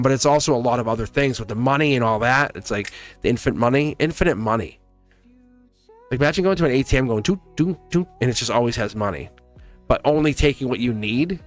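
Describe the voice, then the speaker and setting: A man hosting a live tarot stream, talking in a rambling, animated way and laughing often. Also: medium pitch. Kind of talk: casual live-stream chat.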